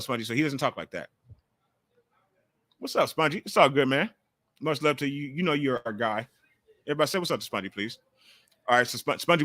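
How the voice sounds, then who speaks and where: A man hosting a casual call-in sports talk livestream, talking in an animated, profane way on a close mic. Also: a little high, dry recording. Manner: animated, profane, jumps into mocking quotes. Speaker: call-in show host.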